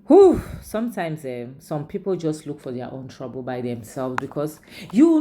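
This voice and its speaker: A woman's voice: sits low, huge pitch swings, moderate pace, warm tone. A woman casually retelling a film's story as a reviewer, chatty and emphatic with frequent asides. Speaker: movie reviewer. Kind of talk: casual storytelling recap with personal opinions.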